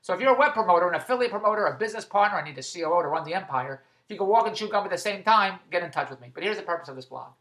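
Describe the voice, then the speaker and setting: Guy vlogging, rambles fast, tons of restarts, bright sharp voice. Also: high-pitched, expressive. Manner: rambling, repetitive, stumbling restarts, self-amused. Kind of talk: rambling monologue vlog.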